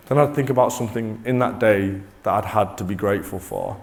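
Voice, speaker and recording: A man presenting a motivational talk to a live audience, energetic and coaxing, often restarting mid-sentence. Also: lowish voice, fairly quick. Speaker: corporate presenter.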